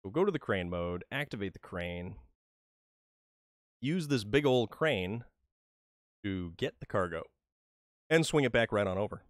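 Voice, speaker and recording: Male gamer streamer, casual joking play-by-play, stumbles over sentence starts, slow delivery. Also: fairly low pitch, very animated, dry recording, clean studio sound. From New England, USA. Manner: chatty and joking, repeats words when starting sentences. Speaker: livestream gamer. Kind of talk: casual gameplay commentary.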